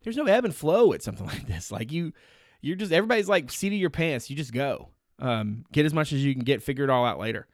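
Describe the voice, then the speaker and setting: A man hosting a sports podcast, chatting casually and thinking aloud with pauses. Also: medium pitch, sing-song, dry recording, studio quality. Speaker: podcast host and sports reporter. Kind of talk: casual chat.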